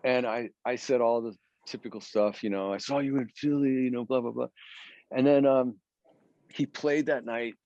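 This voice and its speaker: A man's voice: mid-range voice, normal speed, no echo. Man telling rambling stories, restarts a lot, dry lo-fi sound. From Philadelphia area, USA. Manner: rambling, animated storyteller with many restarts. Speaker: guest guitarist. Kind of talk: storytelling interview chat.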